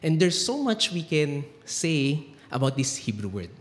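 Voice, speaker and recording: A man's voice: a little high, very animated, a little slow, big-room sound. A man with a Filipino accent preaching a sermon, emphatic and mixing English with Tagalog in a church. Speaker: pastor. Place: church sanctuary.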